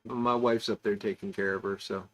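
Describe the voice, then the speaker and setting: A man's voice: lowish voice, steady tone, normal speed. A man hosting a casual online pipe-smoking club, rambling through stories and chuckling as he reads out comments. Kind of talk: casual chat.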